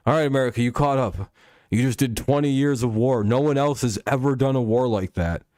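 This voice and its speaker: A man's voice: mid-range voice, fairly quick, a little mellow, no room sound, studio quality. A man hosting a casual live stream, rambling and swearing freely, with chuckles and frequent restarts. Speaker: stream host.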